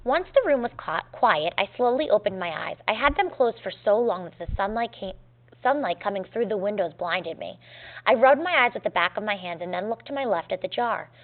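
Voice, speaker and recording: A woman's voice: medium pitch, expressive, fairly quick. Woman teacher reading aloud, tinny recording. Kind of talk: reading a story aloud to students.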